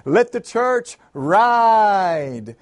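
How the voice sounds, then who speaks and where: A man voicing a fiery male preacher who shouts slow, drawn-out calls to his congregation. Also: sits high, animated, no echo, studio quality. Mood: shouting.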